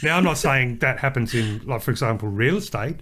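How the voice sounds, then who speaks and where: A man's voice: mid-range voice, expressive, fairly quick, a bit bright. Rambling chatty Australian man. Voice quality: chatty, rambling with fillers and restarts. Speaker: podcast co-host. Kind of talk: casual chat.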